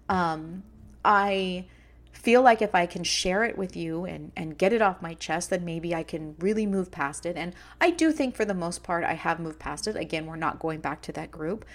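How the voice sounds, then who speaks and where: A woman's voice: lowish voice, normal speed. A middle-aged woman hosting a personal podcast, talking earnestly and emotionally about kindness and her children. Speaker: podcast host.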